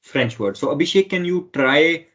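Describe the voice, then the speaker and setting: A man's voice: on the high side, expressive, normal speed, a bit bright, dull audio. A man teaching a French lesson online who explains step by step and keeps repeating himself with "okay".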